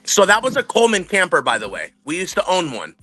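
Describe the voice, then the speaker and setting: A man's voice: high-pitched, wildly swooping pitch, fast talker, pushed and bright. A man co-hosting a casual livestream chat, rambling through stories and swearing freely. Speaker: livestream co-host.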